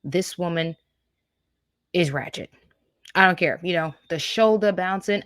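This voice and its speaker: A woman's voice: fairly low pitch, measured pace, pauses often, fairly bright tone, no room sound, studio quality. A woman hosting a political reaction show, scornful and sarcastic as she talks over clips. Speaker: political commentary host.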